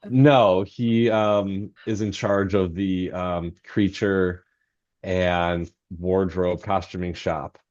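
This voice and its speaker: Male interview guest, lowish voice, rambling and self-deprecating, many fillers, muffled lo-fi sound. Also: little pitch movement, slow pace, darkish tone. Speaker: novelist guest. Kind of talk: anecdotal storytelling in podcast interview.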